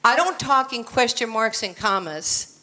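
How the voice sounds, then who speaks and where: A woman's voice: a little high, expressive, unhurried, bright, forceful tone. An American woman in her sixties giving a motivational talk at a conference, blunt and confident with joking asides. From United States. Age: 60s. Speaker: keynote speaker. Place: conference stage, indoors.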